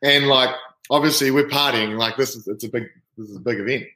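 A man, a rugby player guest telling an animated story in casual chat. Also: mid-range voice, fairly quick. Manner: lively, animated anecdote-telling. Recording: roomy echo.

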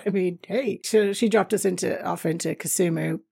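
Chatty, creaky-voiced middle-aged woman. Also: lowish voice, normal speed, dark tone, no echo, studio quality. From North America. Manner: rambling and chatty, laughs often, many fillers. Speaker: travel storyteller. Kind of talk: casual travel storytelling.

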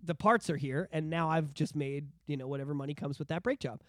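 A man, co-hosting a podcast in casual chat, ranting in a profane, animated way. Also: on the high side, a little fast, no echo, studio quality. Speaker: podcast co-host.

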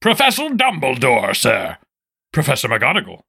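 A man voicing a big, gentle, bearded groundskeeper in a comedic podcast read-through. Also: medium pitch, huge pitch swings, normal speed, creaky, breathy edge, full character voice. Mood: cheerful.

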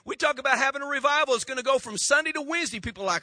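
A pastor preaching a sermon, telling folksy stories and calling on the congregation to answer back. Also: male voice, sits high, fast talker, pushed and bright, no room sound.

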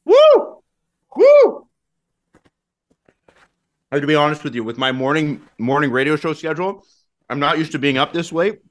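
A man hosting a casual chat while tasting hot sauce, whooping loudly at the heat, his nose running. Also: a little high, quick pace. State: nose running from spicy food. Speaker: host.

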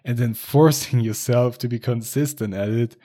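A man's voice: mid-range voice, normal speed, dark tone. A man chatting casually, rambling a little and hesitating with many restarts. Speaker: conversation partner. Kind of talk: casual chat.

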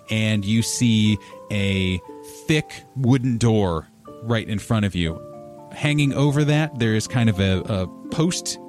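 A man with a lowish voice narrates as game master of a tabletop game, describing scenes in a relaxed, rambling way full of fillers.

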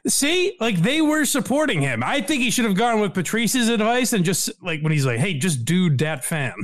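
A man co-hosting a casual comedy podcast, talking in an animated way, laughing often and quoting people in voices. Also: very high voice, normal speed. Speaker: podcast co-host.

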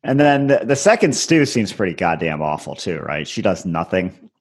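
A man's voice: low voice, big pitch swings, moderate pace, slightly rough. A man co-hosting a podcast, chatting bluntly and swearing as he ribs his friends. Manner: blunt, profane ribbing. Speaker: podcast co-host. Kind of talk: casual chat.

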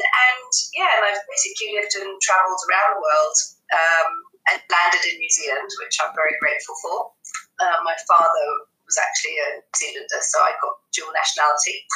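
A woman's voice: mid-range voice, sharp tone, recorded from a distance. A woman from England, an accent and dialect coach, chatting in an interview over a phone call with many ums. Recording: echoey phone line from afar.

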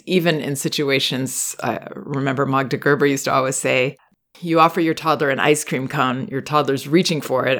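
A woman hosting an advice podcast, reading a listener's letter aloud and then explaining in a measured, gentle way. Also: very deep voice. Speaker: podcast host and parenting advisor.

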